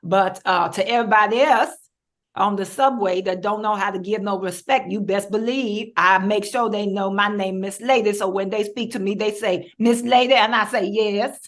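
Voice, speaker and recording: A woman's voice: mid-range voice, fairly even intonation, moderate pace, natural voice. A woman voicing a proud, sassy older woman commuter who demands respect, bold and emphatic.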